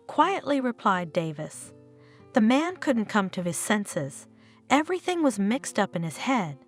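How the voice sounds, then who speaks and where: A woman's voice: medium pitch, sing-song, unhurried. Woman narrating a story over guitar. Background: faint guitar music.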